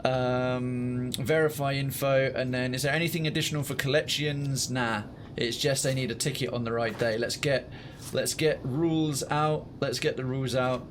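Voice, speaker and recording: A man's voice: mid-range voice, fairly even intonation, moderate pace, background noise. A man streaming a video game, rambling casually through his commentary and swearing now and then. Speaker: gaming streamer.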